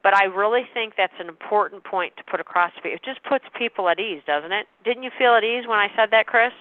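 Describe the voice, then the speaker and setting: A woman's voice: mid-range voice, fast talker, no echo. A woman coaching a sales team on a call, matter-of-fact and often checking in with "okay?". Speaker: sales trainer. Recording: tinny phone-line call.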